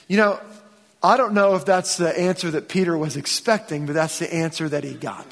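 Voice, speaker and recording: A man preaching in a church, his voice sitting high for a man. He retells scripture in a loose, conversational way, voicing the characters in modern slang. The sound carries a long reverb from the sanctuary. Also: fairly even intonation, fairly quick, a bit bright. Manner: casual storytelling, acts out biblical dialogue in everyday speech. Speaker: pastor. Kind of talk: sermon.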